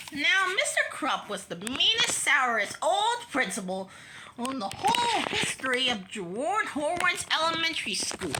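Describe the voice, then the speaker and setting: A woman reading a children's book aloud with expressive storytelling and small stumbles. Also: on the high side, a little hiss or hum. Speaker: reader.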